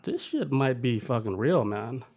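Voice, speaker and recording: A man's voice: medium pitch, big pitch swings, measured pace, a little mellow. A man hosting a podcast in loose, profane, enthusiastic casual chat. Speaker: podcast host.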